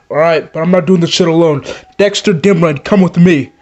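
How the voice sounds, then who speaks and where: A man voicing a hot-headed, foul-mouthed male plush puppet who swears constantly and works himself up into shouts. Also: on the high side, moderate pace, natural voice. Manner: swearing, excitable, rising to shouts. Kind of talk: plush puppet comedy skit.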